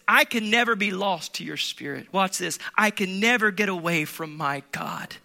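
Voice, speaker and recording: A man preaching a sermon, swinging from loud emphatic peaks to hushed low passages, with laughs between points. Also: expressive, moderate pace, gravelly, few pauses. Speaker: pastor.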